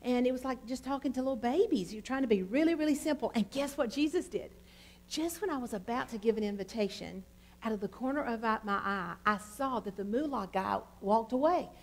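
A middle-aged woman preaches, telling her story with plenty of ums and uhs. Her voice sits a bit high, and she talks in a lively, storytelling way. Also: fairly quick. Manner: storytelling, animated with many fillers. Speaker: pastor. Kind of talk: sermon testimony.

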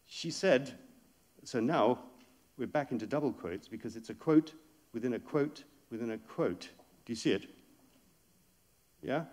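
A man's voice: fairly low pitch, very animated, moderate pace, long pauses, a little mellow. A man lecturing on poetry, explaining passages step by step and reading verse aloud with rising force.

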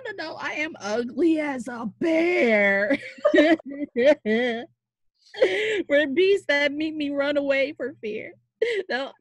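Cast: woman as a heartsick young woman, high and swooping, slow and emotional, dry close sound. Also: dry recording. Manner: emotional, expressive verse. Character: lovesick young woman, desperate and self-pitying. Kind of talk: Shakespeare verse reading. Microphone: video call.

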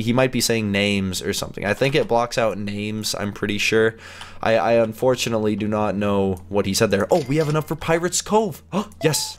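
An excitable gaming YouTuber talks his way through a game, laughing often and keeping up a steady stream of chatter. His pitch is middling for a man, but it swings up and down in a lively way. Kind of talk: let's play commentary.

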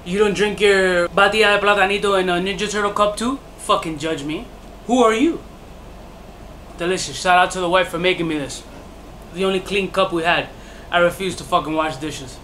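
A man's voice: high voice, fairly quick, bright, forceful tone, a little hiss or hum. A man reviewing fragrances in a casual vlog, profane and jokey, with bursts of mock outrage and self-mocking asides.

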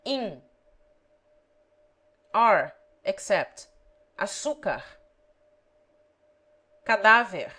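A woman reading a grammar lesson aloud, pronouncing example words carefully and deliberately. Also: mid-range voice, big pitch swings, pushed and bright, slightly rough, poor audio. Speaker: language teacher.

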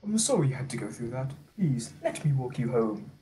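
A woman voicing a charming older gentleman colonel, low and courteous. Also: big pitch swings, a little fast, a little hiss or hum, poor audio.

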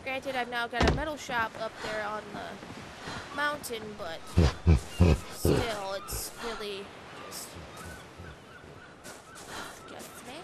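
A woman's voice: a little high, very animated, slow, pauses often. A young woman giving casual, annoyed gameplay commentary, ranting and swearing freely. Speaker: gaming YouTuber. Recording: loud background noise.

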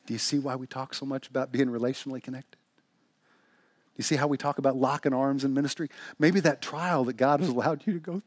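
A man's voice: mid-range voice, a little fast, dry recording. A man preaching a sermon in church, telling stories and asking rhetorical questions. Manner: animated storytelling with rhetorical questions. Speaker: pastor.

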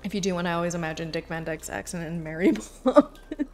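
A woman's voice: on the low side, animated, a little fast, darkish tone, faint music behind. A young woman streaming a game, chatting casually in a giggly, flustered way, full of likes. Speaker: variety streamer.

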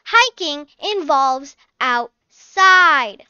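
A sulky little girl whines and complains in a high, bright voice, as a woman puts her on. The sound is dry and a bit dull and lo-fi, as in a home game role-play recording. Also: expressive, drawn-out words, no echo, exaggerated voice. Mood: whiny. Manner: whiny and complaining.

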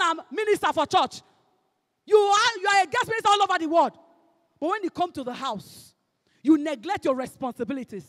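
A woman with a Nigerian accent preaching a sermon, emphatic and fervent, swinging between shouted exhortation and hushed asides, slipping into Pidgin phrases. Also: very high-pitched, in a large hall.

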